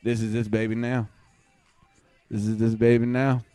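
A man doing a satirical webcast rant, bombastic and erratic, swinging from muttering to shouting. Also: mid-range voice, little pitch movement, normal speed, no room sound, faint music behind. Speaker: mock livestream ranter.

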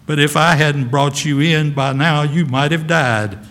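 A man's voice: on the high side, steady tone, unhurried, pitched above the performer's own voice. A preacher doing a tender-hearted kind woman. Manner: gentle and caring.

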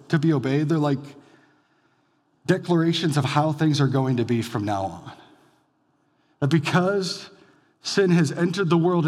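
A male pastor preaching a conversational sermon, rising to loud emphatic bursts and dropping to quiet lines. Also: a little high, long reverb tail. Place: church sanctuary.

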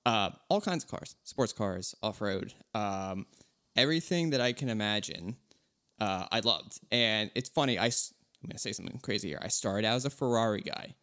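A man in his thirties co-hosting a casual car podcast, telling stories in a relaxed, rambling way. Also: on the low side, moderate pace. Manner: relaxed, rambling, animated storytelling. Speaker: podcast co-host.

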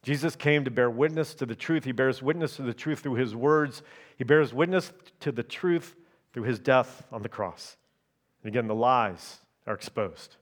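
A man with a medium-pitched voice preaches a sermon in a measured, emphatic manner, frequently checking in with his audience through quick tag questions.

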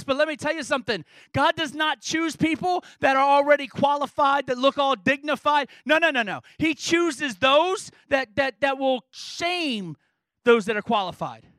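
A man's voice: very high-pitched, sharp tone, no room sound, low-quality recording. A man preaching a sermon as a pastor, earnest and emphatic, driving points home with repeated rhetorical questions.

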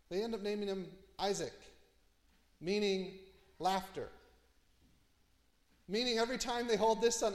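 A man preaching an expository sermon, telling the story with lively asides and dropping low and quiet for emphasis. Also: in a large hall. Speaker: pastor.

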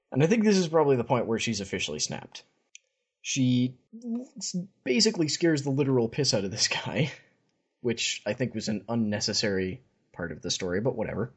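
A man with a husky voice and a middle pitch chats through a recap of fantasy fiction. He mixes casual commentary with passages read straight from the text. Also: big pitch swings, a little fast. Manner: chatty retelling, reads passages aloud. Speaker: podcast host.

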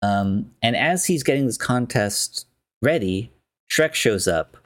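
A man's voice: medium pitch, expressive, slow, fairly bright tone, dry recording, studio quality. A man casually retelling a film's plot, chatty and rambling, with many fillers.

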